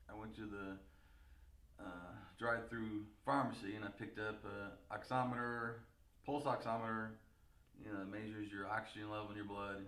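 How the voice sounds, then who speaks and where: A man's voice: fairly low pitch, pushed and bright, reverberant. A man telling a long story casually to camera, rambling and laughing, with a stuffed, nasal sound. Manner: rambling, lots of "you know" and laughs. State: nasal congestion. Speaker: vlogger.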